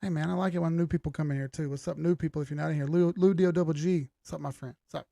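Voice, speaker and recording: Gravelly laid-back man. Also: a little high, fairly even intonation, very fast, mellow, no echo. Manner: laid-back, greets viewers by name, swears casually. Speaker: livestream host. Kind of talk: casual live-stream chat.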